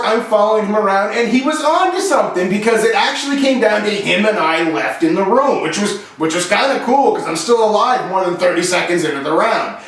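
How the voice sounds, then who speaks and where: A man tells a comic story on his own show with sarcastic, animated delivery. His voice is high. It is heard from a distance in a strongly reverberant room.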